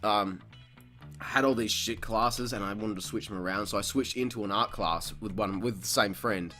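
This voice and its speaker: A young man hosts a podcast and tells a long story in a casual, animated way. He swears a lot and breaks into laughter. His voice is bright and forceful, and a little music plays behind him. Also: on the low side, moderate pace. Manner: profane, animated, laughs often. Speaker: podcast host.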